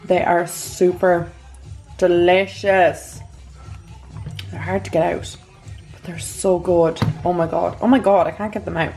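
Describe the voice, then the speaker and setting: A woman's voice: on the low side, little pitch movement, measured pace, long pauses, over music. A woman chatting casually in a vlog from a spare room at home, rambling and dropping into whispered asides. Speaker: beauty vlogger.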